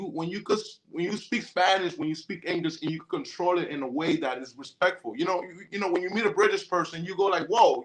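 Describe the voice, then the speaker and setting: A man of Colombian background talks in a loose, rambling way and keeps restarting his sentences. His voice sits high and sounds bright and forward. He speaks as a guest on a casual podcast.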